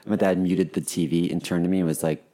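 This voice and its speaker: Low-voiced, laid-back male podcast co-host. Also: flat delivery, quick pace, mellow. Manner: laid-back storyteller, dry teasing, hesitant fillers. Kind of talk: casual chat.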